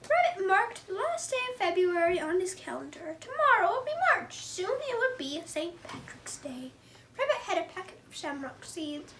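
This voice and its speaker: A woman's voice: very high voice, big pitch swings, normal speed. A woman reading a children's picture book aloud, with chatty asides to her cat between pages, and faint background noise. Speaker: storybook reader.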